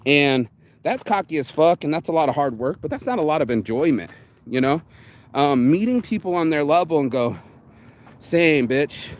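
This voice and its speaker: A man's voice: a little high, very animated. A man giving a blunt, profane motivational talk in a casual vlog. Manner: blunt and profane, with quick acted quotes. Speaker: motivational vlogger.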